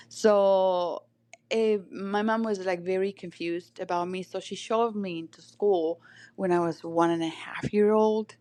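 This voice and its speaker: A woman's voice: on the low side, fairly even intonation, moderate pace, gravelly, a little mellow. A woman from Chile with a Chilean Spanish accent, talking as a podcast guest in a reflective, storytelling way with many fillers. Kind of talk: casual conversation.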